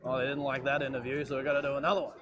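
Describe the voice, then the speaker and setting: A man's voice: mid-range voice, little pitch movement, racing, background noise. A man live streaming from an outdoor airshow, chatting casually and jokily with lots of fillers. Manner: rambling, joking, lots of fillers.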